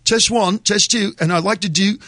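An American radio host putting on an English accent as a 1960s rock singer between songs. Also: male voice, high-pitched, normal speed, background noise, pitched above the performer's own voice, close to an everyday voice. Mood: chirpy. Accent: English, put on. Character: adult male rocker in a British accent doing a stage intro.

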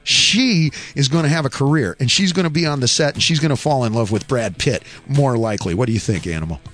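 A man hosting a morning radio show, joking and rambling with quick asides. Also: mid-range voice, animated, fairly bright tone, faint music behind. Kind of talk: casual morning radio banter.

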